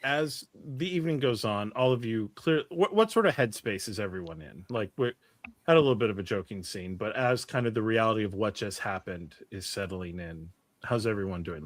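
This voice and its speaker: Brief: relaxed male GM, lower voice, dry mic. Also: brisk, dry recording. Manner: relaxed, descriptive. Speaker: game master. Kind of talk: narrating a tabletop game.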